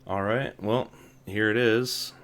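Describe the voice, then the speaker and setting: Young man, very low voice, wry casual vlog talk, faint room hum behind. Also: fairly even intonation, takes it slowly, fairly bright tone. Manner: wry, self-deprecating, laughs often. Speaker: vlogger.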